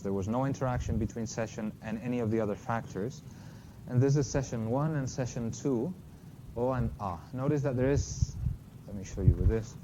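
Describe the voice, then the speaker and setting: Man lecturing on vowels, mellow tone. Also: medium pitch. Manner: explanatory, self-correcting, apologetic asides. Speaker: linguistics lecturer. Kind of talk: academic talk with slides. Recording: slightly dull lo-fi lecture recording with faint noise.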